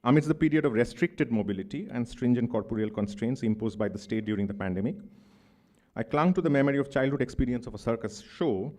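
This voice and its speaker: Thirties Bengali-accented male academic; discursive conference talk, mid pitch. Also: expressive, fast, dark tone. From India. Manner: thoughtful, discursive, many fillers and asides. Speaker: conference speaker. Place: conference hall.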